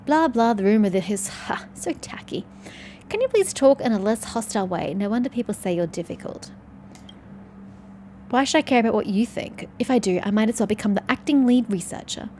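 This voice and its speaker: A woman reading game dialogue aloud, voicing a blunt, sharp-tongued young woman researcher who is secretly socially awkward. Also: fairly high pitch, animated, a little fast, a little hiss or hum, natural voice. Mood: brusque. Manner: curt and prickly, turning flustered.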